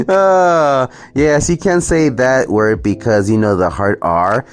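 A man's voice: medium pitch, very animated, slow, hardly any pauses, soft background music. A man ranting sarcastically and profanely through a reaction commentary video. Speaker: commentary vlogger.

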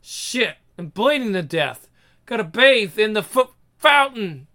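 Rowdy foul-mouthed young woman read by a storyteller, brash, bright tone. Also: mid-range voice, very animated, slow pace, full character voice. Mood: frantic. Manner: brash, swearing, exclaiming.

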